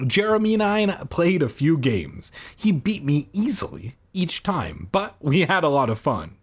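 Husky man, lively pitch, comedic book reading, sarcastic asides. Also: measured pace, hardly any pauses. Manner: sarcastic, jokey interruptions. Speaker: reader of a children's book.

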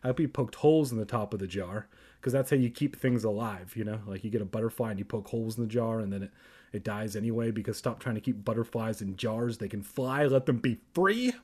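A man's voice: on the low side, quick pace, a little mellow. A man reading a children's book aloud and breaking off for sarcastic, crude asides. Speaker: reader.

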